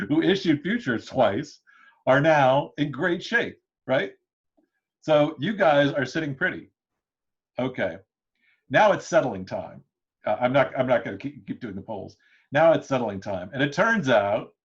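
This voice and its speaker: A man giving an interactive classroom lecture, talking loosely with many fillers and restarts, often chuckling. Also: mid-range voice. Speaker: history lecturer. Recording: dull lo-fi lecture recording.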